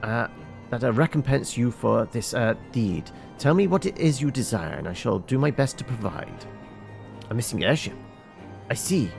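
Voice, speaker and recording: A man's voice: medium pitch, creaky, darkish tone, voice pushed up. A man voicing a proud, anxious young noble lord in a fantasy game, with lofty, formal diction and some stumbles. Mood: courtly.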